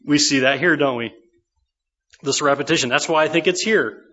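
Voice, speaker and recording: A man's voice: a little high, normal speed, bright, forceful tone. A middle-aged male pastor preaching a sermon in a conversational way, often asking the congregation rhetorical questions. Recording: dull lo-fi sermon recording.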